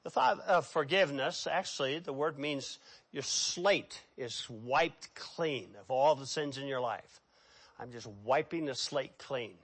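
A man preaching a sermon with dramatic swings between hushed and loud delivery. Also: mid-range voice, measured pace.

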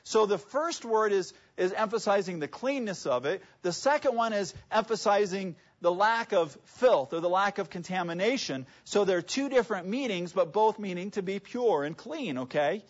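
High-voiced preacher asking questions. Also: male voice, expressive, moderate pace, few pauses. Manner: conversational, asks the audience rhetorical questions. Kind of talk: sermon. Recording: dull lo-fi sound.

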